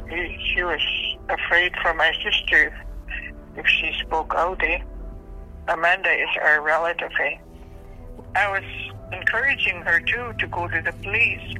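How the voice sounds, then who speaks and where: A woman, the aunt of a murdered woman, earnestly recounting events in a plain-spoken, halting way during an interview. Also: on the low side, fairly even intonation, sharp tone, faint music behind, low-quality recording. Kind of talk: interview on the phone.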